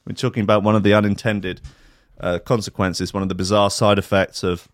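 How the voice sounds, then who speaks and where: A man's voice: on the low side, flat delivery, fairly quick, no echo. A man hosting a radio show, rambling casually with crude jokes and stammering restarts. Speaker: radio host.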